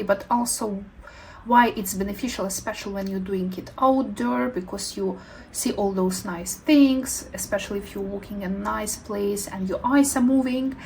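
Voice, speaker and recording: A woman in a casual health vlog, sharing her own experience in thoughtful, non-native English phrasing with frequent pauses and fillers. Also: mid-range voice, creaky, darkish tone, a little hiss or hum, rough recording. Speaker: health vlogger. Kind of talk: casual talking-head vlog.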